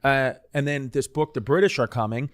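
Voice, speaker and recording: A man's voice: medium pitch, normal speed. A man co-hosting a comedy podcast, rambling through a story in casual, profane chat and saying "dude" a lot. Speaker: podcast co-host.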